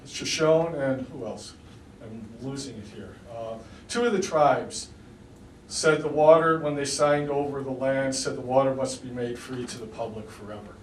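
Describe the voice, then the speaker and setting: A man's voice: medium pitch, slight background noise. An American man, a poet, telling a story aloud in a meandering, conversational way with many restarts. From United States. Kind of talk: live spoken storytelling. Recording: echoey room, distant mic, faint ambience.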